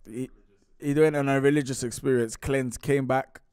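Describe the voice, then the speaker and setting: A man's voice: medium pitch, steady tone, moderate pace, darkish tone, clean tone, dry recording. A man, co-hosting a casual chat and animatedly telling stories, acting out the dialogue. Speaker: co-host.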